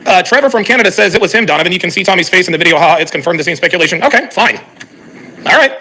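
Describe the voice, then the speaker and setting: A man's voice: high-pitched, very fast, slightly rough. A man hosting a live reaction stream, commenting heatedly and profanely while reading viewer chat aloud. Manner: animated, exasperated, profane, reads chat aloud.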